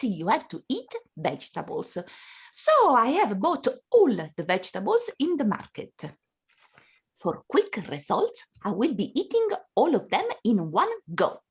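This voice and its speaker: A woman in a comic sketch video with a gravelly, husky voice, talking slowly and melodramatically. Her lively pitch climbs into wailing peaks.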